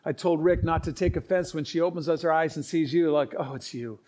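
A man preaching, telling stories in an earnest, halting way with many restarts and acted-out quotes. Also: a little high, fairly even intonation, warm tone. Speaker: pastor. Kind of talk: sermon storytelling.

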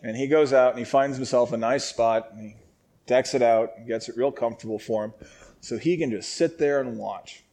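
A man's voice: mid-range voice, moderate pace, darkish tone. A man teaching a Bible passage in a casual, joking way, often laughing and acting out lines in a raised voice. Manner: jokey and conversational.

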